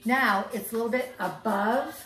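A woman's voice: on the high side, normal speed, a bit bright, far from the mic. Woman coaching a workout in an echoey room. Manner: upbeat counting cues, chatty asides. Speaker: fitness instructor. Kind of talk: workout instruction. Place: indoor room, filmed alone. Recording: echoey room, off-mic, faint music.

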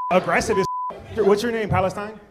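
A man's voice: high-pitched, heavy background noise. A man doing crowd-work stand-up, teasing and playfully roasting audience members at a live show. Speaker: comedian. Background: audience laughter and chatter.

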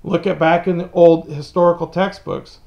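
A man's voice: on the high side, fairly even intonation, normal speed, creaky, a little mellow, dull audio. A middle-aged man from the United States giving an earnest opinion monologue, often repeating words as he builds a point. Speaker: vlogger.

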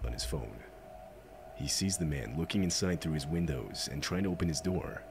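A man giving measured, factual scripted narration of crime clips, heard from a played-back video. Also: a bass voice, lively intonation, vocal fry, background noise. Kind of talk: scripted news-style narration.

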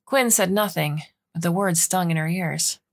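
A woman narrating a short story aloud, expressive and acting out the dialogue. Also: lowish voice, moderate pace. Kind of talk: audiobook story reading.

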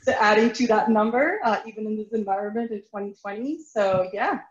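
A woman's voice: medium pitch, a little fast, roomy sound, muffled recording. A woman guest on a podcast, answering fluently and in a businesslike way, often opening with "so". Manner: fluent, businesslike, many "so" openers. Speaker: guest, recruiting lead.

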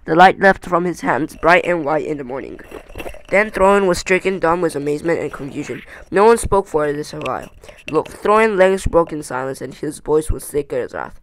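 A home reader reading a fantasy novel aloud, often stumbling, restarting words and filling pauses with "um". The delivery is unpolished and amateur. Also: mid-range voice, expressive, a little hiss or hum, poor audio. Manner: stumbling, frequent restarts and fillers.

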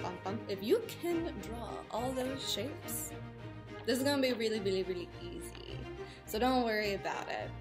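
A woman's voice: medium pitch, natural voice. A woman putting on a playful storybook queen with a put-on regal accent and theatrical greetings.

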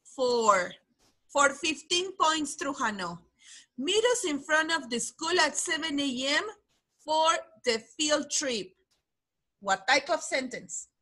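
A woman's voice: high-pitched, expressive, takes it slowly, sharp tone. A woman teaching English to children over a video call, running a quiz and cheering pupils on by name. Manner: encouraging, calls on pupils by name. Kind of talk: online class quiz game.

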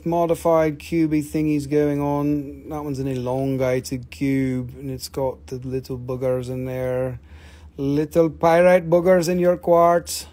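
A man hosting a live mineral sale, joking, swearing, and pitching his stones with enthusiasm. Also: warm tone. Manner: joking, profane, enthusiastic salesman. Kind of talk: livestream sales chat.

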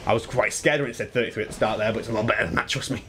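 A man in his twenties chatting casually and excitedly while playing through a game, swearing freely and wandering into asides. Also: fairly low pitch, very fast, a little hiss or hum. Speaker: gaming YouTuber. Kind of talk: live speedrun commentary.

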